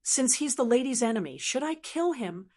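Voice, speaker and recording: A woman's voice: fairly high pitch, animated, normal speed, a little mellow. A woman voicing a reserved, humble young male martial artist. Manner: humble, understated.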